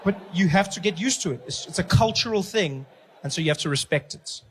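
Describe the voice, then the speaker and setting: A man's voice: high-pitched, lively intonation, brisk, background noise. A male stand-up comedian telling a story in a chatty way, drawing the audience in with tag questions.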